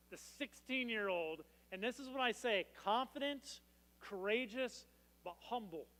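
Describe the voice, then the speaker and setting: A man's voice: sits high, fairly bright tone. A man preaching a sermon as pastor, with a casual, joking storytelling manner. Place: church. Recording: long reverb in a church hall.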